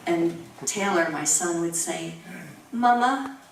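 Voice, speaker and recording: A woman's voice: low-pitched, heavy background noise. A woman in her sixties, a professor reading a reflective academic tribute talk with personal anecdotes. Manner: measured, reflective reading, chuckling during anecdotes. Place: university lecture room. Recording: roomy room recorded from far off.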